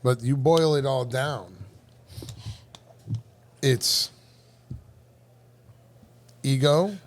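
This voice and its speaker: A man's voice: mid-range voice, very slow. A man with an average voice chatting on a podcast. His tone is dry and sarcastic. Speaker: podcast co-host. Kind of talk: casual chat.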